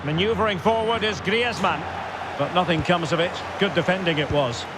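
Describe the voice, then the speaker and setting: A man doing play-by-play football commentary for a video game, measured calls that rise to shouts at goals. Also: high-pitched. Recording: game audio with loud background noise.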